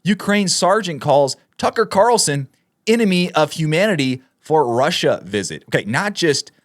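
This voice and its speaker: A man hosting political commentary, reading news aloud and reacting with sarcastic, heated remarks that swing between loud outbursts and low asides. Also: sing-song, moderate pace, dry recording, studio quality.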